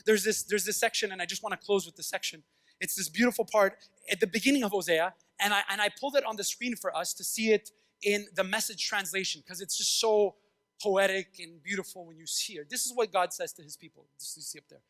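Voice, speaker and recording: A man with a notably high voice preaching to his congregation. He drops into playful put-on voices, then sinks to hushed, tender lines. The delivery is lively and dramatic. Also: fast. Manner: acts out voices, swings from loud to hushed. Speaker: pastor. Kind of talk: animated sermon. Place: church sanctuary.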